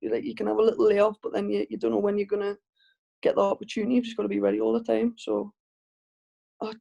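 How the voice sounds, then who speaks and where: Gravelly, dark-voiced Geordie woman. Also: mid-range voice, level tone, quick pace. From Northeast England. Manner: chatty storytelling with frequent restarts and laughs. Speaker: professional boxer, guest. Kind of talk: casual interview chat.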